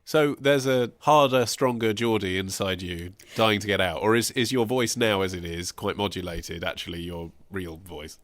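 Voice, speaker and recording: A man's voice: low voice, moderate pace, hardly any pauses, fairly bright tone, no echo. A man hosting a podcast discussion, asking questions and steering the panel. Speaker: podcast host.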